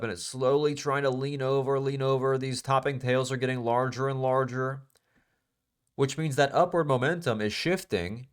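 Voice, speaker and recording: A man's voice: medium pitch, clear, resonant tone. A man teaching a live trading class in a casual, emphatic way, repeating phrases and asking the class questions. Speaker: trading instructor.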